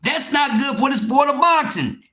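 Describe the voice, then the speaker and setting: Brief: male stream host, high, lively pitch, preachy rant. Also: moderate pace. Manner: loud, preachy, swings between shouting and mock-laughing. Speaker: livestream host. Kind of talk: animated livestream rant. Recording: echoey room.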